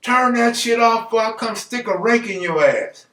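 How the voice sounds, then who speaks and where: A man voicing a hotheaded, cranky man who shouts threats and complaints. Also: sits high, fairly even intonation, normal speed, pitched above the performer's own voice. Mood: indignant. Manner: loud, indignant, shouting. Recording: roomy, distant mic.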